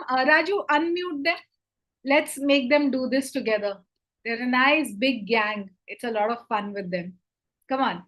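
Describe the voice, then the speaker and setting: A woman hosting a live online session for school students, greeting them by name and leading energetic call-and-response chants over a video call. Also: sits high, a little slow.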